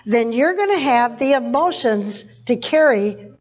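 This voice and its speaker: A woman with a bright, high voice preaches in a loose, conversational way, chuckling as she goes and circling back on key phrases. The recording is muffled and lo-fi. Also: lively intonation, a little slow. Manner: conversational, laughs often, repeats phrases for emphasis. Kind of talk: informal sermon teaching. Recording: dull lo-fi recording.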